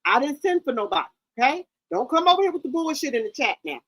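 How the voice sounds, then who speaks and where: Woman in her 50s, aave, sassy and blunt, cusses a lot, kinda high voice, dry close sound. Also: very animated, quick pace, fairly bright tone, no echo, low-quality recording. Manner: blunt, sassy, curses freely. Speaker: livestream host. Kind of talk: casual livestream chat.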